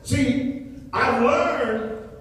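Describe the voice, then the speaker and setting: A woman preacher delivering a sermon with call and response, emphatic and repetitive, often climbing into shouts. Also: a little high, drawn-out words, distant mic. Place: church sanctuary. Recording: echoey hall, voice from afar. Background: congregation calling out.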